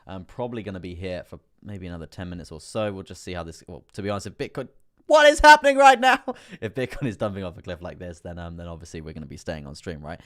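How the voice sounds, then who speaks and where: A man hosting a live trading stream, chatty and rambling with many fillers, laughing often and getting excitable as prices move. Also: low-pitched, racing, hardly any pauses. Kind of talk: live stream market commentary.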